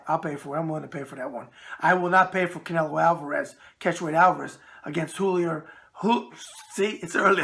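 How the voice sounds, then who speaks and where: A middle-aged man with a New York accent hosts a casual boxing mailbag show. His voice is bright and forward, and he talks bluntly and animatedly. He often stumbles over words and laughs at himself. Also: high voice, vocal fry. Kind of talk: casual video mailbag chat.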